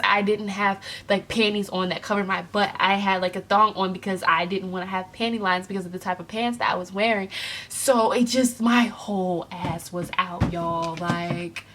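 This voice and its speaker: A young woman vlogger telling an embarrassing story, animated and acting out the other people in it. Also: mid-range voice. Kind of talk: storytime vlog.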